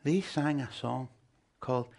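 A man's voice: medium pitch, unhurried, vocal fry, a little mellow. A man preaching a sermon, emphatic and joking with his listeners. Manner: emphatic, humorous asides to the congregation.

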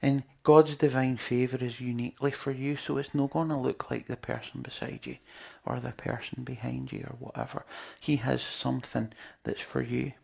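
A man's voice: medium pitch, flat delivery, normal speed, vocal fry, hardly any pauses, a little mellow, breathy edge. A man preaching a sermon in an earnest, conversational way, with lots of rhetorical questions to his listeners.

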